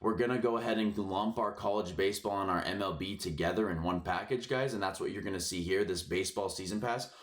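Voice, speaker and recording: Hoarse guy with a deep voice venting about his picks, swears constantly, lots of um and uh. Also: quick pace, few pauses. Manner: profane, frustrated ranting with filler words. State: hoarse from yelling. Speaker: sports betting picks host. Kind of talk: casual ranting commentary.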